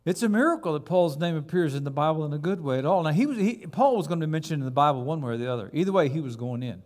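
A man's voice: a little high, lively intonation, very fast, darkish tone. A man preaching a sermon as pastor, building dramatically to emphatic repeated words.

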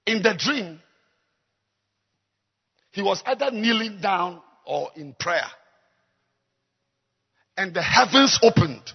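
A man preaching a sermon as a pastor, dropping to low murmurs and rising to high shouts. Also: animated, slow pace, creaky, long pauses, breathy edge, dull audio. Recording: long hall reverb.

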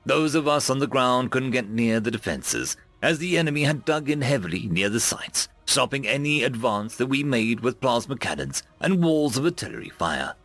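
A man reading a military science fiction story aloud, narrating with a dramatic, lively delivery. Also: medium pitch, normal speed, few pauses. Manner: lively, dramatic reading with raised voices for dialogue. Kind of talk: scripted sci-fi story narration.

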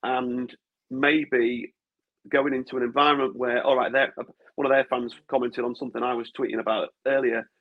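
A man co-hosts a casual football podcast, speaking in long rambling runs full of restarts. His mid-range voice is flat and at normal speed, and the recording has a dull lo-fi sound.

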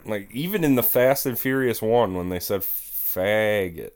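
A young man co-hosting a podcast, chatting in a wry, animated way with dry jokes. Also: fairly low pitch, unhurried, smooth. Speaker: podcast co-host. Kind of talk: casual chat.

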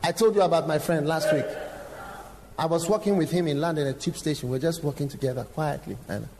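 A man preaching a sermon in a large church hall, his fairly high voice ringing with a long reverb. He tells stories animatedly, breaks into sudden shouts and asks the congregation direct questions. Faint noise sits under the room. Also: quick pace. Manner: animated storytelling with sudden shouts and acted quotes; engaging the audience with direct questions.

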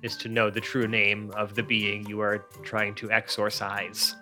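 A man running a tabletop game, narrating scenes and calling for rolls in a loose, filler-heavy way. His voice comes across bright and forward, with a faint bed of music behind him. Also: on the low side, completely flat delivery, measured pace. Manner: casual, uses many fillers like "like". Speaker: game master.

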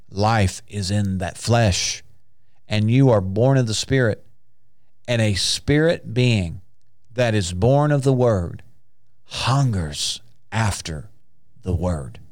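A man's voice: lowish voice, slow pace, long pauses, a little mellow, no echo, studio quality. A man preaching a sermon, asking questions and answering them himself, with rising emphatic peaks.

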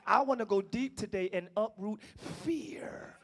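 A male pastor preaching a passionate sermon, swinging between shouting and hushed tones and talking straight to the congregation. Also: sits high, expressive, moderate pace, hardly any pauses. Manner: talks directly to the congregation, calling them y'all.

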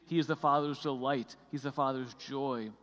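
A man's voice: mid-range voice, steady tone, moderate pace, fairly bright tone. Man preaching in a reverberant church. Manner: conversational, with many fillers and restarts. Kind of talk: sermon.

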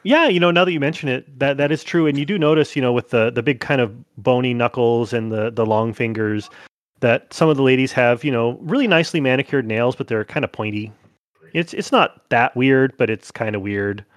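A man's voice: mid-range voice, a little fast, no echo. A man narrating as game master of a tabletop horror game, rambling with many fillers and restarts.

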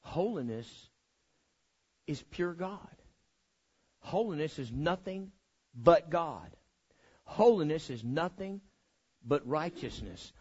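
A man's voice: fairly high pitch, animated, takes it slowly, pauses often, darkish tone, husky. Folksy male preacher, dull recording. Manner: folksy, humorous, repeats phrases for emphasis. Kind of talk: sermon with storytelling. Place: church.

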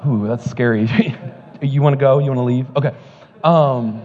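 A man's voice: medium pitch, normal speed, a little mellow, big-room sound, highs cut off. A male pastor preaching a sermon, telling joking stories before building to fervent preaching at a church service.

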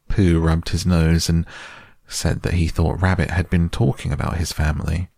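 Deep gravelly guy reading a kids story aloud, husky, measured, dry sound. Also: flat delivery, a little mellow, no echo. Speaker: narrator.

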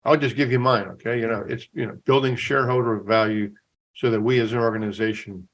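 A man's voice: medium pitch, steady tone, quick pace. Enthusiastic recruiter guest, a man. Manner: enthusiastic, conversational, recounts stories. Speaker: career coach and recruiter guest. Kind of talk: casual podcast interview.

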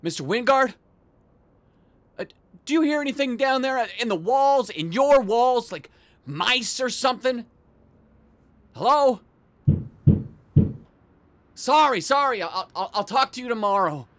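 An actor in an audio drama playing a sleepless, paranoid man obsessed with noises in the walls, swinging between muttering and yelling. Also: very high voice, expressive, measured pace, pauses often, dry recording, heavily acted. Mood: anxious. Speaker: actor in a one-man radio play.

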